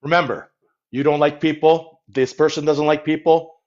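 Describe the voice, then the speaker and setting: A man's voice: a little high, flat delivery, normal speed, darkish tone. A man in a comedic livestream, rambling and boasting to his viewers, talking into a phone held at arm's length. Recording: dull lo-fi phone stream.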